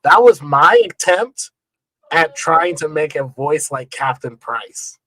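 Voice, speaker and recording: Male guest producer; relaxed and repetitive, bright edgy voice, dry close sound. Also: a little high, takes it slowly, no room sound, poor audio. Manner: easygoing, many repeats and fillers. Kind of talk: casual interview chat. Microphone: remote call setup.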